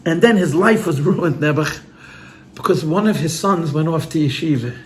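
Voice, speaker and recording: Speaking to a gathering as a rabbi, a man with a fairly high voice tells heartfelt, earnest stories at a moderate pace, against slight background noise. He repeats his words and uses Yiddish and Hebrew expressions, addressing a room of listeners in a storytelling style.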